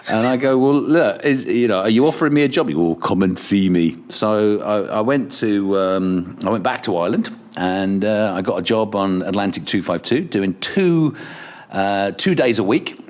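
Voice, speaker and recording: A man's voice: fairly low pitch, big pitch swings, moderate pace. A middle-aged man, a radio presenter, telling stories in casual chat, swearing, laughing and acting out what others said. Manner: swearing, laughing storyteller who acts out quotes. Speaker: radio presenter, podcast guest.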